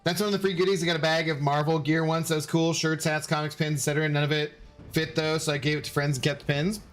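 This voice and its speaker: A man's voice: on the high side, flat delivery, fast, fairly bright tone, faint music behind. A man streaming a game, rambling casually and answering viewers' chat messages as he plays. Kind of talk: casual live-stream chat while gaming.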